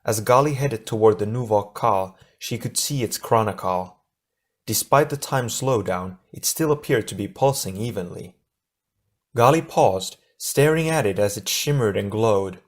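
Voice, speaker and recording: A low-pitched man reads an adventure audiobook aloud. His narration is steady and measured. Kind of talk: scripted narration.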